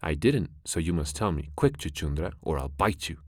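A man voicing a brave, proud young male mongoose in a storybook reading, brisk and scornful. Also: a bass voice, big pitch swings, a little mellow, dry recording, clean studio sound, full character voice.

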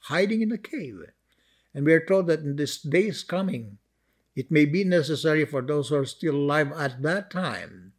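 A male pastor preaching a sermon, reading scripture dramatically with emphatic swings in volume and pitch. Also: darkish tone.

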